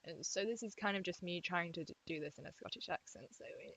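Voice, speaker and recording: A young English woman vlogging at home to her webcam, chatty and self-deprecating, talking quietly so as not to wake the household. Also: fairly low pitch, fairly quick, hardly any pauses, no room sound, poor audio. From England. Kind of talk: casual webcam vlog. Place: room at home.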